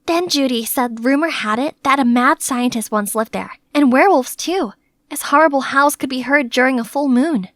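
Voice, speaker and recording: A young woman tells an animated story in the first person with a lively, chatty delivery. Her voice is very high and bright, recorded close and dry with no room sound. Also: normal speed, dry recording. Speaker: narrator.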